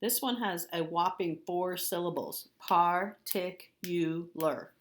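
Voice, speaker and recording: Middle-aged woman, primary teacher, unhurried and deliberate delivery, lower register. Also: animated. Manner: slow, deliberate, sounds out letters and syllables. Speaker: third grade teacher. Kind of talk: recorded spelling lesson for children.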